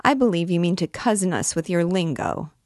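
A mocking, menacing king of beggars, proud and savage, as a low-voiced woman reads him. The voice sits deep and is recorded dry and close. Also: lively intonation, brisk, darkish tone, no room sound, close to an everyday voice.

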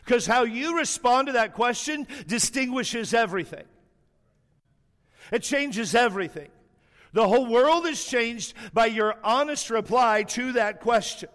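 A man preaching a sermon, telling a story with animation and slowing down hard on the words he wants to stress. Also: very high-pitched, a bit bright, in a large hall.

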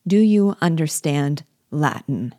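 A woman's voice: low-pitched, animated, takes it slowly, mellow, no room sound, clean studio sound. A woman reading an audiobook, voicing a cunning, imperious male rebel general who blusters with anger and mock learning.

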